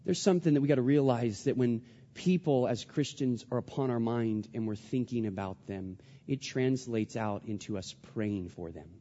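A man in his thirties, a pastor preaching a sermon, animated and then hushed as he tells a story. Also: mid-range voice. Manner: animated preaching, drops to a hush for stories. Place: church hall. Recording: dull sound with long hall reverb.

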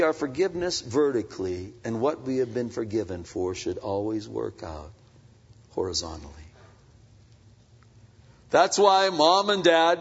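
A man's voice: lowish voice, breathy edge. Impassioned male preacher in a reverberant hall. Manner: impassioned preaching, swinging between loud emphatic peaks and soft confiding asides. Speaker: pastor. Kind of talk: sermon. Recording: dull, muffled sound with long hall reverb.

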